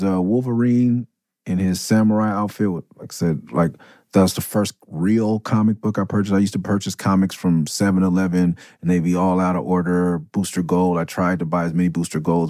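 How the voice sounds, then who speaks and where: Podcast host, male, deep and dry-miked, loose profane anecdote style. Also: a little mellow, dry recording. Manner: loose, profane, rambling with asides. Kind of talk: casual storytelling.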